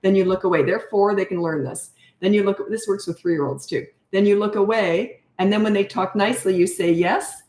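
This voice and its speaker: A woman's voice: medium pitch, fairly quick, few pauses, darkish tone. Blunt older woman, echoey room. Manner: blunt, frank, self-mocking. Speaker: parenting coach. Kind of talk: answering viewer questions.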